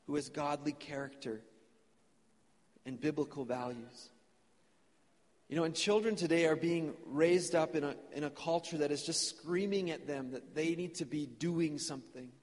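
A man's voice: a little high, long reverb tail. A young man preaching a sermon earnestly, repeating phrases for emphasis. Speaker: pastor. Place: church.

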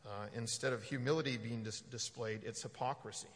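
A man giving a conversational sermon as a pastor, halting often with fillers and restarts. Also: mid-range voice, steady tone, fairly bright tone, in a large hall.

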